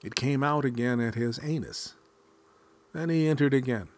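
A man reading a folk tale aloud in a measured, expressive storytelling manner. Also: mid-range voice.

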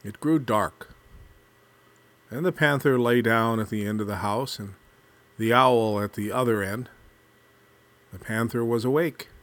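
A man reading a folk tale aloud with a measured, deliberate storytelling cadence. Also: medium pitch.

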